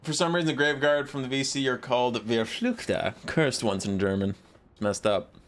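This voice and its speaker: A man casting a live strategy game match, calling the action in quick play-by-play and joking with his chat. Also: mid-range voice. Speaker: esports caster.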